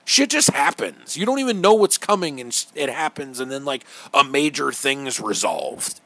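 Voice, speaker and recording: A man talking through a movie on a podcast in a loose, sarcastic way. He curses often and reads bits from his notes. His voice sits at an ordinary middle pitch. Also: very animated, moderate pace, gravelly, few pauses, bright, forceful tone, no echo. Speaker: podcast co-host. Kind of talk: casual podcast chat reviewing a movie.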